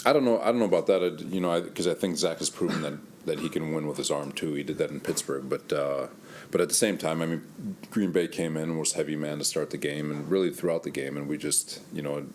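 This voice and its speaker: Very deep-voiced head coach, candid. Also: male voice, quick pace, a little mellow, a little hiss or hum. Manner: candid, conversational, thinks aloud. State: a little winded. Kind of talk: press conference answers. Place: press room.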